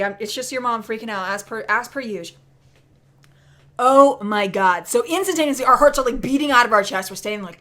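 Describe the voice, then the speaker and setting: A woman telling a spooky story in a chatty, animated way, dropping into whispers for the scary parts. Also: fairly high pitch, quick pace. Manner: chatty, many fillers of "like". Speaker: vlogger. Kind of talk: casual storytelling.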